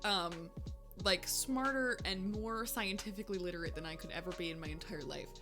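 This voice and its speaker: A woman's voice: fairly low pitch, normal speed, music in the background. A woman streamer telling a personal story in casual chat, laughing often and using lots of filler words.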